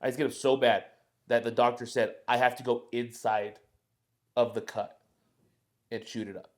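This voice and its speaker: A man's voice: mid-range voice, steady tone, normal speed. A young man hosting a podcast, telling a rambling, profane story in casual chat. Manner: rambling and profane, acts out quoted voices.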